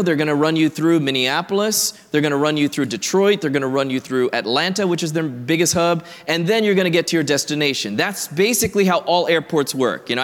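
A man preaching in a large hall with a long, echoing reverb. His voice sits a little high, and he tells his story conversationally, building to emphatic points. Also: a bit bright. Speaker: pastor. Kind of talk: sermon.

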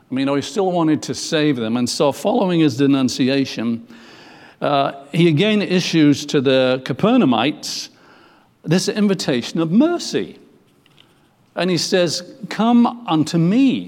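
A man's voice: medium pitch, a little mellow. Preacher man in a reverberant hall. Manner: expounding scripture, rising emphasis on quotes, hesitant fillers. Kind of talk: sermon.

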